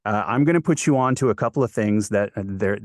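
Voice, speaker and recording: A man's voice: lowish voice, quick pace, dry recording, clean studio sound. A man from Quebec, a voice actor talking casually as an interview guest and telling stories in a rambling, self-correcting way. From Quebec, Canada.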